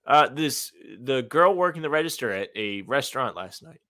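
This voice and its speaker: A man's voice: medium pitch, expressive, normal speed, pushed and bright. A man co-hosting a casual sports podcast, telling rambling stories with mock indignation. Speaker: podcast co-host.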